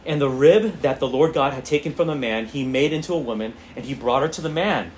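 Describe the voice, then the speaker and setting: A man's voice: mid-range voice, brisk, a little hiss or hum. A man teaching a church Bible class in a conversational way, repeating phrases and often checking in with "okay?".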